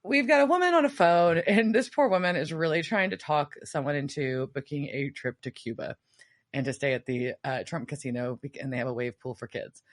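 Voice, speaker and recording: A woman's voice: deep voice, a little fast. A woman co-hosting a podcast, recapping a TV episode in casual chat, laughing often and trailing off into asides. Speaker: podcast co-host.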